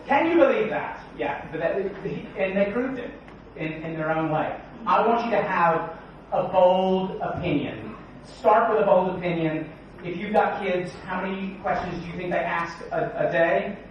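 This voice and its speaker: A man giving a joking, energetic conference talk and quizzing the audience. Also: high-pitched, a little slow, a little hiss or hum. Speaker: conference speaker. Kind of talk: keynote talk. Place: large conference hall. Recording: echoey hall, distant, dull sound.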